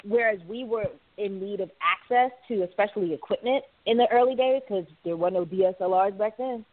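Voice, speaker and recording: A woman's voice: mid-range voice, a little fast. Agreeable woman panelist on a phone line. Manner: agreeable, wraps up her point. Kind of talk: panel discussion. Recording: phone-like audio.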